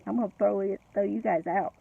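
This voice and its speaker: Woman doing a mean big bus driver, threatening, gravelly, tinny phone-like sound. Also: sits high, fairly even intonation, a little fast, heavily acted. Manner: threatening, barking orders.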